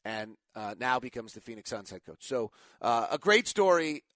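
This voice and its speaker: A man's voice: medium pitch, very animated, normal speed, a bit bright, dry recording. A middle-aged man hosting a casual sports talk show, a rambling storyteller who keeps correcting himself, tired after little sleep.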